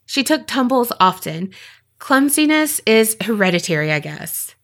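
A woman's voice: a little high, unhurried. Woman reading eerie listener stories. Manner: steady storytelling read with brief asides.

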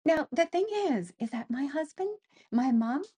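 A middle-aged woman from Canada, an interview guest telling an emotional personal story in an animated way, acting out voices with many fillers. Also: sits high, moderate pace.

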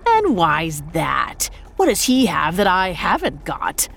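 A woman's voice: fairly low pitch, huge pitch swings, slow, gravelly, a bit bright, a little hiss or hum, exaggerated voice. A woman voicing a cruel, mocking monstrous man with a snide, taunting manner in a narrated story, over faint music. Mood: sneering.

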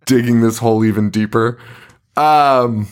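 A man chatting casually on a podcast, getting excited, cursing freely and breaking into laughter. His voice sits at an ordinary middle pitch. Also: unhurried. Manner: swears often, laughs a lot, excitable. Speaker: podcast co-host. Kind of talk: casual chat reviewing a movie.

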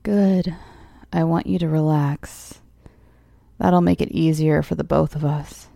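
Woman doing a hushed, menacing male surgeon. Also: low-pitched, fairly even intonation, slow, vocal fry, no room sound, exaggerated voice. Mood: cold. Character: calm menacing male surgeon, middle-aged.

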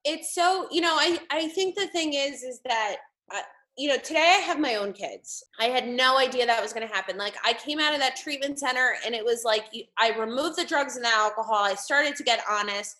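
A woman's voice: high-pitched, fairly quick, bright, forceful tone. A woman in her thirties from New Jersey, telling her personal recovery story openly as an interview guest, with frequent "you know"s. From New Jersey, USA. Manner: open and heartfelt, peppered with "you know".

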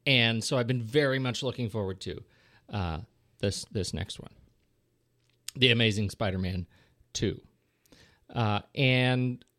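A man's voice: mid-range voice, fairly bright tone, no room sound, clean studio sound. A man co-hosting a casual film podcast, enthusiastic and joking, with frequent restarts. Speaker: podcast co-host.

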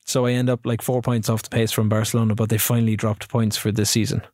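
A man co-hosting a casual chat, recapping events in a relaxed storytelling way with dry asides. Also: lowish voice, fast, dry recording. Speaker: podcast co-host.

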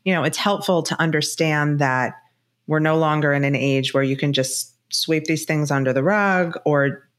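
A woman in her thirties with a low-pitched voice chats as a podcast guest. She is animated and tells stories, with plenty of "like" and "you know" fillers. The talk is casual and open. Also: moderate pace. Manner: animated storyteller, filler-heavy. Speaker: guest, divorce specialist and author.

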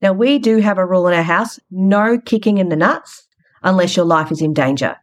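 Chatty woman, lowish voice. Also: brisk. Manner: frank, chatty, retells conversations. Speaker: podcast host. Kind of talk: casual storytelling monologue.

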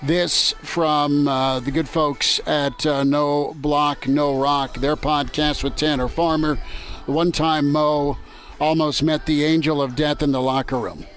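A man's voice: on the high side, steady tone, unhurried, fairly bright tone, faint music behind. A man hosting sports talk radio from a ballpark, bantering in a loose, joking way. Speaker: radio show host. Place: outdoors at a ballpark.

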